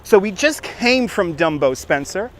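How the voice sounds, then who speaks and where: A man's voice: high-pitched, very animated, a little slow, fairly bright tone. A chatty man in his forties live-streaming a walking tour outdoors on a handheld phone, often laughing at his own jokes. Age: 40s. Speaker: livestreaming walking tour guide. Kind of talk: casual live-stream chat to viewers. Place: outdoors on city streets and a park. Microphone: phone on a handheld gimbal.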